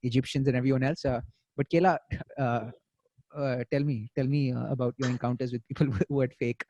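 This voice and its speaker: Fast-talking Indian man hosting a podcast. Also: medium pitch, dull audio, a little hiss or hum. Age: young adult. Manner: animated, swears freely, repeats words. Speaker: podcast host. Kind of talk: casual podcast chat.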